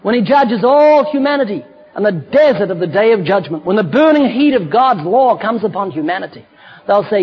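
A man preaching a fervent sermon, building to shouted emphasis on key points. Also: sits high, lively intonation, brisk, slightly rough, muffled recording.

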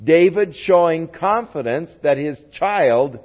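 A man preaching a sermon in a slow, deliberate way, his voice rising and falling widely in pitch and loudness. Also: expressive, highs cut off.

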